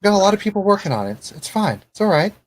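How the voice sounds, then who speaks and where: A man's voice: high voice, big pitch swings, very fast, no room sound, pitched above the performer's own voice. A man voicing a nervous male coworker who reassures with hesitant, repeated words. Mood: uneasy.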